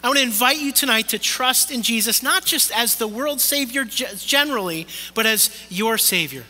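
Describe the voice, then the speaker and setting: Earnest high-voiced pastor in a reverberant hall. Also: male voice, lively intonation. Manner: earnest, pleading, drops soft and slow for emphasis. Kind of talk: sermon. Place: church hall, also streamed online.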